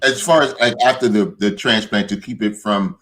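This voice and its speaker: A man hosting a casual interview, asking gentle follow-up questions in a supportive way. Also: on the low side, moderate pace, crowd noise. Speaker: talk show host.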